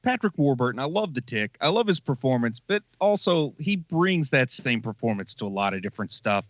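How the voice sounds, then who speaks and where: Wry man with an animated voice. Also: medium pitch, fairly quick, no echo. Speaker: podcast co-host. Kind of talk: casual podcast chat. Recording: slightly dull lo-fi audio.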